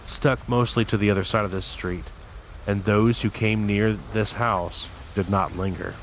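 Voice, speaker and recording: A man reading a novel aloud as host of his channel, in a steady, deliberate way with occasional slips. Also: fairly low pitch, slight background noise. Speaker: audiobook reader.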